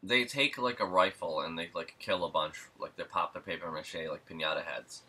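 A man's voice: sits low, brisk, bright, forceful tone, breathy edge. A man co-hosting a podcast who recaps a film's plot in a casual, rambling way, with many "like"s and "um"s. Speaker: podcast co-host. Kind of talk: casual film recap chat.

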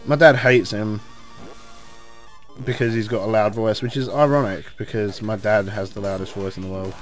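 An English man giving casual, rambling commentary while playing a video game, cursing at enemies and shouting when things go wrong. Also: lowish voice, normal speed, faint music behind. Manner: excitable, swears at enemies, rambling asides. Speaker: let's play host.

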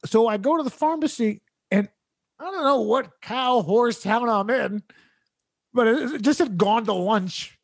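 A man's voice: very high voice, unhurried, vocal fry, no echo, clean studio sound. A man hosting a comedy podcast, telling a rambling, exasperated story with laughs mixed into his sentences.

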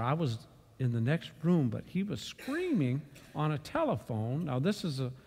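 A man teaches a church Bible study in a mid-pitched voice. He tells his story with sudden loud bursts for emphasis. The sound carries a long church hall reverb. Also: vocal fry. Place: church meeting room.

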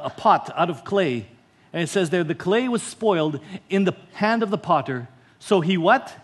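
A man with a Filipino accent preaching a sermon as pastor, telling stories and repeating key lines. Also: sits high.

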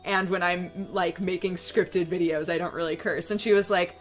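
A young adult woman streamer telling a story in a casual, animated way, swearing freely and laughing often. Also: on the low side, moderate pace, faint music behind.

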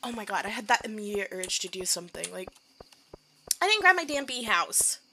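A woman's voice: mid-range voice, big pitch swings, fairly quick, sharp tone, slight background noise. A young woman giving casual, self-deprecating commentary while playing a game, laughing often. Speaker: gaming video creator. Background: keyboard clicks and typing.

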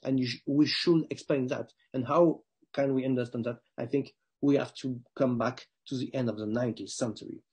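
A man with a French accent giving an academic talk over a video call, pausing and restarting often. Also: medium pitch, fairly even intonation, a little mellow, slightly rough. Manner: halting, restarts often, non-native phrasing. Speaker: guest speaker.

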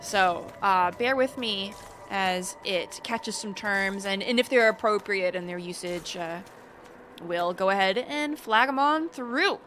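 Giggly female streamer, slow and easy delivery, clear bright voice, chatty with her viewers. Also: mid-range voice, a little hiss or hum. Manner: giggly, chatty, greets chat by name. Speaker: game streamer. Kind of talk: casual let's-play commentary.

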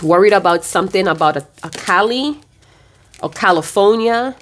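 A woman's voice: medium pitch, animated, normal speed. Chatty woman doing a tarot reading. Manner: chatty, blunt, swears freely; rambling with restarts and asides to viewers. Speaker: tarot reader. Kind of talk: casual tarot reading to viewers.

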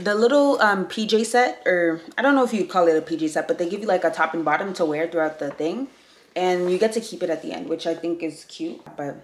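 A young woman from Canada chatting casually to her own handheld camera as a vlogger, laid-back and full of filler words. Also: medium pitch. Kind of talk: casual vlog chat to camera.

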